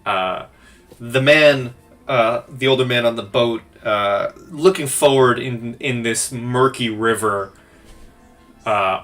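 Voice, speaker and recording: A man narrating as game master of a tabletop game, halting and full of fillers. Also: mid-range voice, fairly bright tone. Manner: halting, many fillers and restarts.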